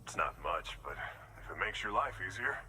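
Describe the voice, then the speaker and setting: Brief: polite grateful game client, thanks the courier formally, lively tone, loud static behind. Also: male voice, fairly low pitch, fairly quick.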